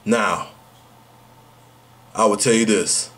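A man's voice: on the low side, steady tone, slow pace, a bit bright. A man talking to camera in a casual vlog, brash and slangy, repeating rhetorical questions. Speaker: vlogger.

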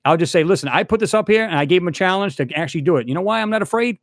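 Channel host, male, fairly high voice with big swings, dry close sound, angry rant style. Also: animated, very fast, no echo. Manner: heated, repetitive, addresses a rival directly. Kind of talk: angry ranting vlog.

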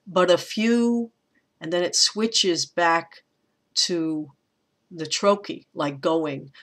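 A woman teaching college English in a recorded online lecture, explaining patiently and reading poem lines aloud slowly. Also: fairly low pitch, fairly bright tone.

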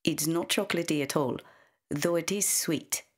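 A woman reading as a soft-voiced weary mother. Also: low voice, moderate pace, husky. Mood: gentle teasing.

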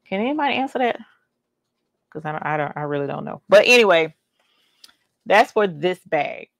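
A woman's voice: on the low side, lively intonation, moderate pace, gravelly, no room sound. A woman, chatting playfully as a craft livestream host. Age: 40s. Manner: playful, chatty, exclaims "yas, honey". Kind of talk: casual livestream giveaway chat.

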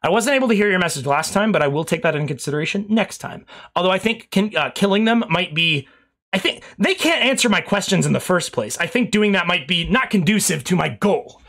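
A man's voice: sits high, animated, brisk, fairly bright tone. A young man streaming, rambling casually through thank-yous to his chat and swearing now and then, a little out of breath.

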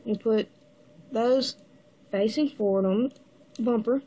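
A woman with the hiccups giving a casual step-by-step building tutorial, halting and pausing mid-step to show the pieces. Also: on the high side, warm tone. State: has the hiccups. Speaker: toy builder giving instructions.

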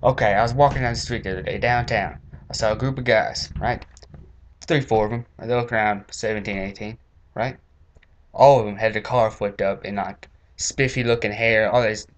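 Man for a comic rant: fed-up, profane, yells at the top of his voice mid-sentence. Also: lowish voice, fairly even intonation, normal speed, dull audio, slight background noise. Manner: angry, profane, bursts into shouting. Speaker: comedic ranter. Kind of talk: comedic rant monologue.

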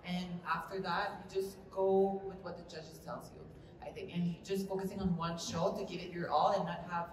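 A woman panelist giving measured advice at a workshop. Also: on the low side, level tone, noisy background. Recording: distant voice in a crowded echoey hall.

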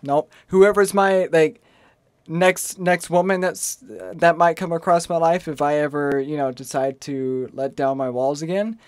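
In a gaming vlog, a young streamer with a slight southern accent rambles casually, often cutting himself off mid-sentence and occasionally breaking into shrill, panicked yelps. His tone is steady, clear and resonant at a measured pace, captured in studio quality with no room sound.

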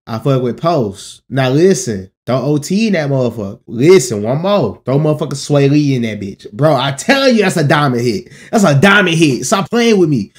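A man hosting a casual album reaction, excitable, laughing and repeating himself. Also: mid-range voice, moderate pace, few pauses. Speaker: music reaction host.

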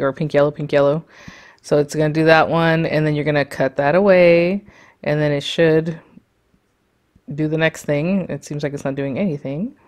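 A woman with a notably low voice talks viewers through embroidery software at her computer. She rambles in a friendly, casual way, full of fillers and quick asides. Her pace and tone stay conversational throughout. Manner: chatty and rambling, with many fillers and little laughs. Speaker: sewing and embroidery tutorial host. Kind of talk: casual screen-share tutorial.

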